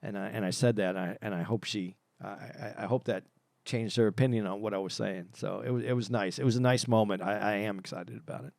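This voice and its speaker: Halting man in casual podcast chat. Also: lowish voice, steady tone, gravelly, darkish tone, no room sound, studio quality. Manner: halting, repeats words when starting a thought. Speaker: podcast co-host.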